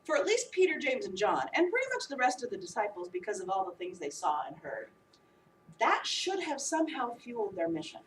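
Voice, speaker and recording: A woman preacher giving a sermon, animated and humorous as she acts out the disciples. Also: mid-range voice, brisk, slight background noise. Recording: echoey room, voice from a distance.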